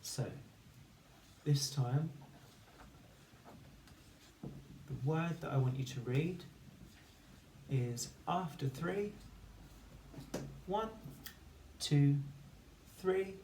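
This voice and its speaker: A man teaching children phonics, slowly sounding out letters and syllables one at a time in a clear, patient way. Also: on the high side, darkish tone, slight background noise. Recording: echoey room with faint ambience.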